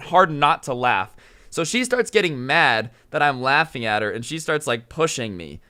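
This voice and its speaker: A man's voice: mid-range voice, sharp tone, clear, resonant tone. A young man, a YouTuber, casually telling a story with many fillers and an amused tone. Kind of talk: storytime vlog.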